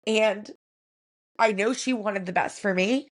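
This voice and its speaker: A woman co-hosting a podcast, telling a personal family story in a soft, reflective way with many casual fillers. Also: medium pitch, measured pace. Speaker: podcast co-host.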